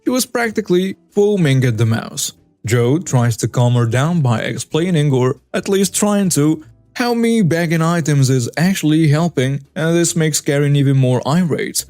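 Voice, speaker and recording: A man's voice: fairly high pitch, animated, normal speed, a little mellow, dry recording. A man narrating a customer-service story in a wry, conversational way. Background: faint background music.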